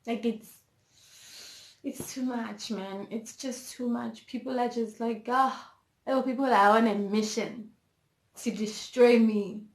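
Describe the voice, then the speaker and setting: A woman's voice: fairly high pitch, steady tone, takes it slowly. A young woman with a South African accent from Zulu country, telling a candid, emotional storytime in her vlog and mixing English with Zulu. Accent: South African, Zulu-inflected. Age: young adult. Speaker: vlogger. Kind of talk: personal storytime. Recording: roomy echo.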